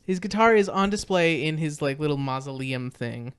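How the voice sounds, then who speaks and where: A man's voice: a little high, expressive, normal speed, clear, resonant tone. A man co-hosting a podcast, recapping a movie in casual chat, rambling with lots of fillers and restarts. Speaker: podcast co-host.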